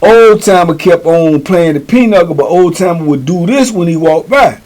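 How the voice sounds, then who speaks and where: A middle-aged man spins prison stories in a loose, slangy style, circling back with repeated phrases. His voice sits a touch higher than most men's. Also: lively intonation, normal speed, darkish tone. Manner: slangy, repetitive, conversational. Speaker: storyteller, show host. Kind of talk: casual prison storytelling.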